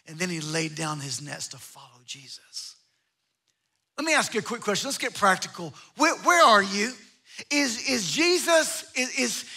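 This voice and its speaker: Pastor, male, very high bright voice, emphatic sermon delivery. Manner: emphatic, with repeated phrases and restarts.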